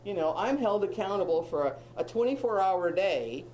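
A woman's voice: medium pitch, animated, moderate pace, darkish tone, a little hiss or hum, rough recording. A woman in her fifties teaching a Bible study group, emphatic and repetitive, with humorous asides.

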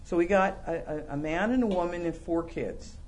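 Middle-aged guy teaching a bible lesson, lively, jokey, fires off questions. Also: sits high, normal speed, a little hiss or hum. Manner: animated, rhetorical questions, joking asides. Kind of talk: sermon-style Bible lesson.

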